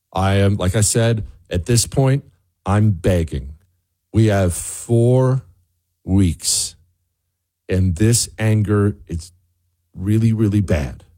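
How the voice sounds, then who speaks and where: A man's voice: on the low side, darkish tone. A man hosting a political talk radio show, talking emphatically and sarcastically and saying he is begging his listeners.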